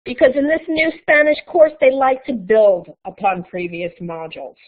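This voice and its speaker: A woman's voice: high-pitched, lively intonation, normal speed. A woman teaching a live online Spanish class, explaining patiently step by step. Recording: tinny phone-like audio.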